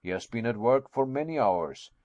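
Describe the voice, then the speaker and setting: A learned old professor holds forth with emphatic confidence, as a man puts him on. His delivery is loud and lecturing, recorded dry and close. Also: mid-range voice, animated, moderate pace, no room sound, lo-fi sound, lightly acted.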